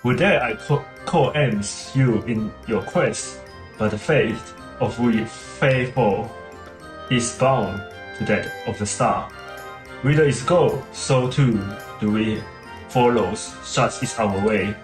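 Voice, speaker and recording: A man's voice: medium pitch, takes it slowly, natural voice. A man reading a vain, sulky fairy. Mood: grand. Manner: reads the lines aloud plainly, with slips. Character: vain, needy female fairy, sulky and grand. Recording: roomy room with game music.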